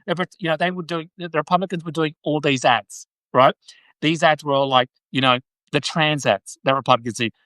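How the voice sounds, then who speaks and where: A man's voice: a little high, brisk, sharp tone, dry recording, poor audio. A man with an Australian accent, hosting a live video and chatting about politics in a loose, talkative way, often tagging his points with "right?". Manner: chatty, frequent "right?" tags and restarts. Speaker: livestream host. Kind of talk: casual political commentary.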